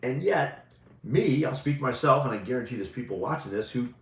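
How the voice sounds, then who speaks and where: A man's voice: medium pitch, animated, fairly quick. A male coach giving a casual motivational talk, talking conversationally and often asking "right?" as he goes. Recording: roomy echo.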